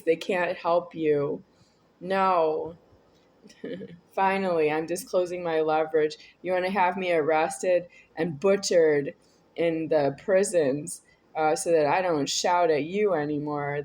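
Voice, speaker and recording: A woman talking alone to the camera in a rambling, repetitive monologue, swinging between a quiet voice and a raised one. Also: on the low side, slow pace. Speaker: video creator.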